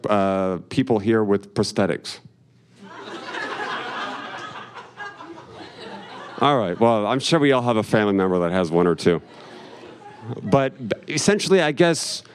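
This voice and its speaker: A male stand-up comedian on a club stage, cursing freely through a rambling, self-mocking story. He is in a middling register and chuckles at his own lines. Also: mid-range voice.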